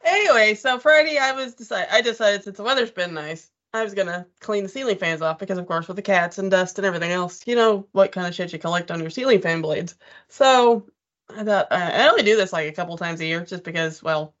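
A woman's voice: medium pitch, quick pace, a bit bright. Chatty woman on a podcast, wry, swears a lot, dull lo-fi sound. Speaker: podcast co-host. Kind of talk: casual storytelling chat.

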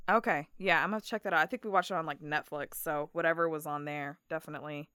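Woman, podcast guest, lively storyteller, lowish clear voice. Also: fast, no echo, studio quality. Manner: animated storyteller, acts out quotes. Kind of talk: casual chat.

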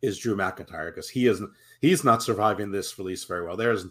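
A man co-hosting a casual chat show over a video call, joking in a wry, deadpan way and swearing casually. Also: fairly low pitch, brisk, slightly rough. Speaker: podcast co-host.

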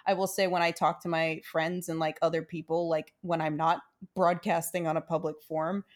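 Hesitant woman podcast co-host, lowish voice. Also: flat delivery, brisk. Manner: hesitant, choosing words carefully, many fillers. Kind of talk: casual podcast chat.

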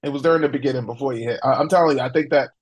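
A man's voice: mid-range voice, racing. A man chatting casually as a podcast guest, laid-back, laughing often and using fillers. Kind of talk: casual chat.

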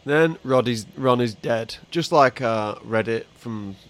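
A man co-hosting a podcast in casual chat, talking in an animated way and quick to laugh. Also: medium pitch. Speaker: podcast co-host.

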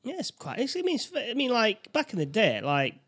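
A man's voice: sits high, huge pitch swings, brisk, fairly bright tone, breathy edge. Stammering Englishman in casual chat. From England. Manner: stammering starts, agreeable interjections.

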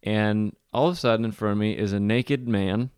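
Podcast co-host, male, low smooth voice, lively storyteller, dry close mic. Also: normal speed, dry recording. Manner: animated storyteller, laughs often. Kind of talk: casual chat.

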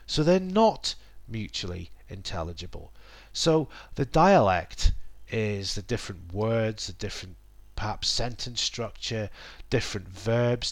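A man explaining language accents and dialects in a measured teaching manner, restating points and pausing with ums. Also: mid-range voice, no room sound. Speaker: English teacher.

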